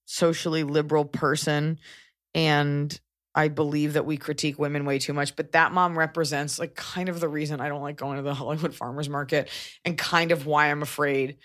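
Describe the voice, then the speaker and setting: A woman in her thirties with a low voice co-hosts a casual podcast chat. She talks bluntly, dropping wry, quick asides. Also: flat delivery, a bit bright. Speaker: podcast co-host.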